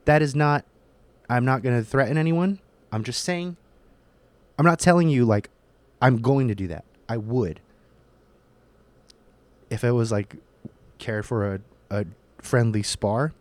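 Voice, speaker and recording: A young man delivers a heated solo podcast monologue. He swears freely and leans hard on his points. His voice sits in an ordinary middle pitch. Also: a little slow, long pauses, a little mellow, no echo. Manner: profane, heated, emphatic. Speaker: podcast host. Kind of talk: casual ranting monologue.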